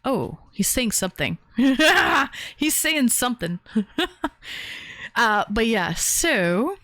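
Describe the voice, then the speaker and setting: A woman's voice: on the high side, sing-song, takes it slowly, fairly bright tone, dry recording. A woman hosting a livestream call-in, talking in a bubbly, chatty way with lots of fillers. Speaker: streamer host. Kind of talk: casual livestream chat.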